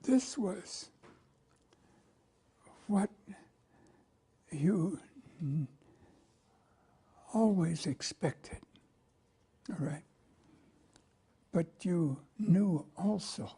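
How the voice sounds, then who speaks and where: An older man recalling past events in an interview, speaking in a hushed, halting way with many pauses and fillers. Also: a little high, slightly rough. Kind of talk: spoken recollection.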